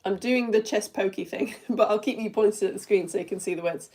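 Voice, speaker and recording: A woman's voice: mid-range voice, animated, a little fast, few pauses, darkish tone. A woman teaching a live online lesson for all ages in a chatty, playful way, tapping out rhythms as she talks.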